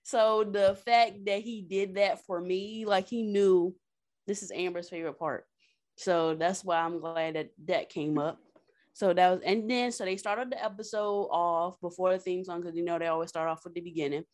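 A young woman co-hosting a casual chat, talkative with quick asides and frequent laughter. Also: lowish voice, fairly even intonation, darkish tone. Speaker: podcast co-host. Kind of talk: casual chat recapping a TV show.

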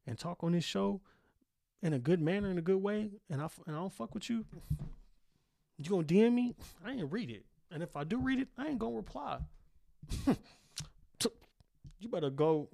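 A young man holds forth alone on his podcast, bragging and cursing with plenty of swagger. His voice sits a little high for a man. The sound is close and dry, with no room around it. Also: vocal fry, no room sound. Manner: boastful, profane, animated. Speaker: podcast host. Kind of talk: solo podcast rant. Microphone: single studio microphone.

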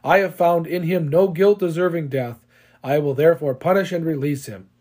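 A man reading the words of Pilate, a weary Roman governor, in a measured scripture reading. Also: fairly high pitch, a little mellow, natural voice. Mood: reasoning.

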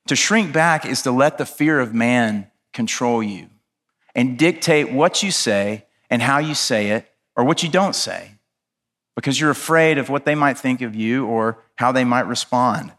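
A man's voice: mid-range voice, normal speed, fairly bright tone. A man, a pastor, preaching a sermon in an earnest, impassioned way, telling stories with conversational asides.

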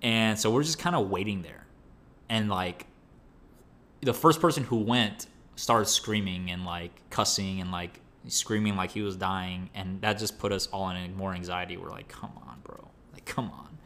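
Young man, lowish voice, slangy animated storyteller, casual chat. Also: moderate pace. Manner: animated, slangy, lots of fillers and restarts. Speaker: storyteller recounting training.

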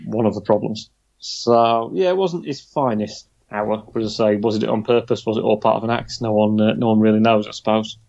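A man's voice: on the low side, fairly quick, creaky, darkish tone. A man co-hosting a casual news chat, wry and chatty. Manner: chatty, wry, drifts into mock quotes. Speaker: podcast co-host. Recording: dull lo-fi sound.

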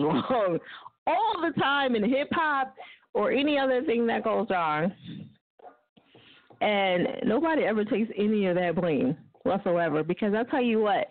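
Woman radio host, brash and profane, quick laughs, tinny lo-fi sound. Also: mid-range voice, no echo. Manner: blunt, profane, laughing often. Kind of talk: casual talk radio rant. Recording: dry, phone-like lo-fi line.

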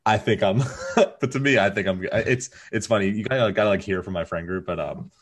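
Very deep-voiced podcast man. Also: a little fast, background noise. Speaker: podcast co-host. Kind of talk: casual chat.

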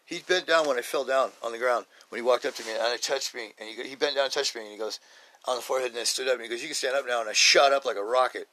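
A man on a podcast, telling a personal faith testimony in an excited, rambling way, often saying "man". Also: medium pitch, quick pace. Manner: excited, animated, repeats himself, says "man" often. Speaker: podcast host.

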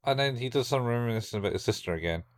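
A man's voice: medium pitch, animated, racing, no room sound, clean studio sound. A man co-hosting a podcast, chiming in with plot details in a laid-back casual chat. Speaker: podcast co-host. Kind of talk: casual chat recapping an anime.

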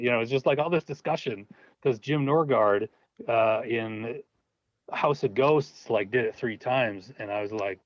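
A man's voice: mid-range voice, a little slow, dry recording. A man being interviewed about the films he writes, talking casually and laughing as he trips over his words. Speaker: filmmaker guest. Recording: dull dry lo-fi sound.

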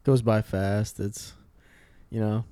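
A man's voice: fairly low pitch, fairly even intonation, slow pace, mellow, no echo. A young man chatting casually, rambling through stories and filling his speech with likes. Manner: rambling storyteller, lots of "like". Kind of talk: casual chat.

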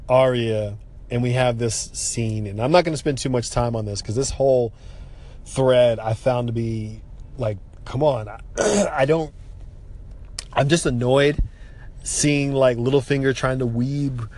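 A man giving a casual, animated spoken recap of a TV episode, exasperated and swearing freely. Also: medium pitch, takes it slowly.

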